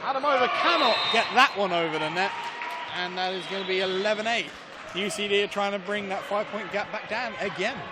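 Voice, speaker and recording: A man calls the rallies one player at a time, brisk and dry, with a wry aside now and then. His voice is fairly high. Loud crowd and hall noise surround him. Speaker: play-by-play commentator. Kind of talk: live sports commentary.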